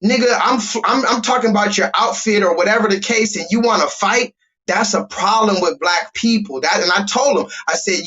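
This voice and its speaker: A man hosting a livestream, ranting loudly and bluntly with lots of profanity while talking to his chat. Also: high voice, normal speed, husky. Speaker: livestream host. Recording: dull lo-fi stream audio.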